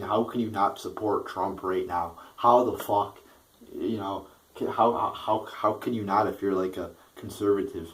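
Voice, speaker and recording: A man's voice: fairly low pitch, far from the mic, low-quality recording. A man giving a heated, profane political rant that often stumbles over and repeats its words. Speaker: political vlogger. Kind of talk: ranting political commentary.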